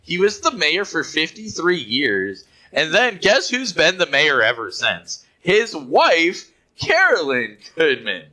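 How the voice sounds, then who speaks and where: This is a man co-hosting a casual podcast with his friends. His voice is bright, a touch high, and it swings widely in pitch. He teases the others and acts out their reactions with relish. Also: slow. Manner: playful, teasing, acts out others' excitement. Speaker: podcast co-host. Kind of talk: casual chat.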